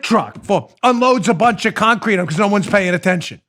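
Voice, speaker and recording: A middle-aged man hosting a political talk show, sarcastic and mocking, often breaking into loud theatrical ranting. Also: sits high, animated, brisk, hardly any pauses. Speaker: host.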